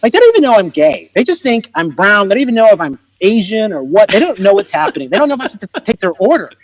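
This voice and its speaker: A man, a comedian and motivational speaker, telling stories in an animated way during a conversation, laughing often and acting out the people in them. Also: sits high, fast talker, no echo, poor audio. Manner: expressive, laughing often, acts out voices in his stories.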